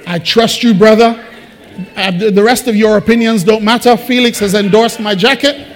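A man preaching a sermon to his church, conversational and animated, with joking asides. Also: high-pitched, moderate pace. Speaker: pastor. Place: church building.

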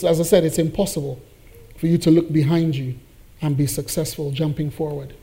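A man delivering a sermon in a high, mellow voice. He preaches emphatically, rising and pushing hard on the phrases he wants to land. It is a pastor addressing his congregation. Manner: emphatic preaching that builds in force on key phrases.

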